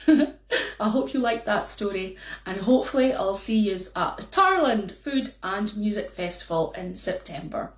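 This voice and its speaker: A woman with a Scottish accent telling a folk tale in a playful, lively way. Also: medium pitch, measured pace, reverberant. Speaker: storyteller. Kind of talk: storytelling.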